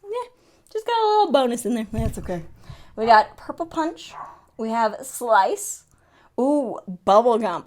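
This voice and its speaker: Young woman vlogger opening makeup, excitable and chatty, voice bouncing all over, kinda high. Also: unhurried. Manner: excitable, gasping and laughing, chatty. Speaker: beauty vlogger. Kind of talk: casual unboxing vlog.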